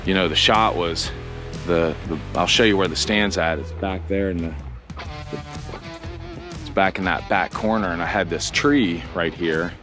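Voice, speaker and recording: A man, a professional hunter, filming himself outdoors in wet woods and narrating in a low, hushed voice with halting restarts. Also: music in the background. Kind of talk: self-filmed hunting narration.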